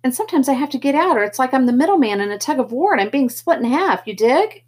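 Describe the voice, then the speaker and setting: A woman reading the part of a gentle teenage boy who keeps the peace between his brothers, earnest and pleading, in a breathy voice. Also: expressive, fast. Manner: earnest, pleading, a bit higher and louder than her narration. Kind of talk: audiobook character reading.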